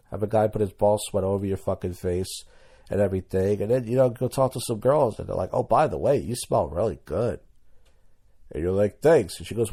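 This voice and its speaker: Low, mellow man rambling crude jokes. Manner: crude rambling storytelling, mimics girls in quoted lines. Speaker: podcast host. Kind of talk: comedic monologue.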